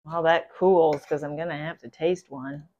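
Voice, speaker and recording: A woman's voice: low-pitched, steady tone, normal speed, darkish tone, dull audio. Chatty woman hosting a cooking video. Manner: chatty, enthusiastic, gushing over food. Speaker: cooking channel host. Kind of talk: casual cooking video chat.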